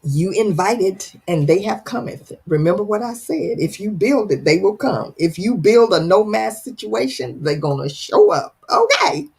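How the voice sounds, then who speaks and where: A woman's voice: mid-range voice, big pitch swings, moderate pace, creaky, hardly any pauses, a little mellow, slightly rough. A woman hosting a casual livestream, reading out viewer comments with a playful, teasing, dramatic manner. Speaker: live stream host reading viewer comments. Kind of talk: casual chat.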